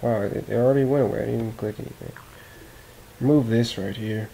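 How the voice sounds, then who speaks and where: Casual gravelly-voiced man tutor. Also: medium pitch, steady tone, fast, mellow, low-quality recording. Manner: casual, rambling, self-correcting. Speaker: tutorial host.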